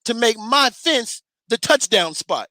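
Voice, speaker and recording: A man's voice: extremely high pitch, sing-song, unhurried, sharp tone, dry recording. A man co-hosting a casual boxing podcast, laughing often, swearing, and acting out other people's lines. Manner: laughing, profane, acts out quotes. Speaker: podcast co-host.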